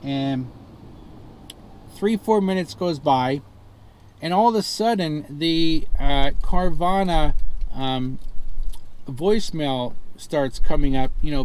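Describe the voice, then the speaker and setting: A man's voice: a little high, slow, darkish tone, clear, resonant tone. A man telling a frustrated story about a car purchase gone wrong and mimicking the people he quotes. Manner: exasperated, retelling a phone ordeal with rising indignation. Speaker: customer reviewing a car purchase. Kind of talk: casual complaint story vlog.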